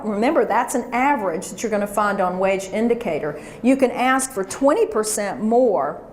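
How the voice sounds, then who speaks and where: Echoey woman speaker coaching a crowd. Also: medium pitch. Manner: coaching audience to repeat phrases. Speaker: professional speaker. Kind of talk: motivational seminar talk. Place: conference room before an audience. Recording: echoey room with faint hiss.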